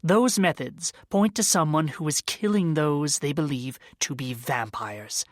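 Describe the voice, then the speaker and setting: A haughty old shopkeeper, as a male audiobook narrator puts him on, pitched higher and louder than the narrator's own voice. He lectures in a droll, condescending tone. The recording is close and dry. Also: measured pace, no room sound, close to an everyday voice. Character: snooty older male occult shopkeeper, disdainful. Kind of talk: audiobook character voice.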